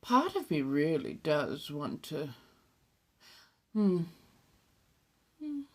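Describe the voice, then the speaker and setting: This is a woman from Southern California with a fairly low voice, chatting loosely on a phone live stream. Her ASMR talk is relaxed and easygoing, and she drops into breathy whispers between her normal lines. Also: drawn-out words. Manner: chatty and relaxed, drifts into soft whispered asides, casual swearing.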